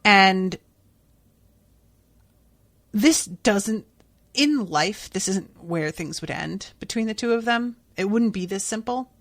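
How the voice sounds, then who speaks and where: Woman podcast host, unhurried and blunt, candid cursing, dry close-miked sound. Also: medium pitch, lively intonation, dry recording. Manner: chatty, blunt, swears freely. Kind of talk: casual episode recap.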